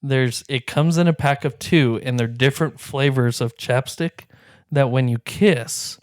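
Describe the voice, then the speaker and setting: A man co-hosting a casual podcast with his brothers, animated and quick to laugh. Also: mid-range voice. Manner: animated storyteller, laughs often. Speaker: podcast co-host. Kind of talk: casual chat among brothers.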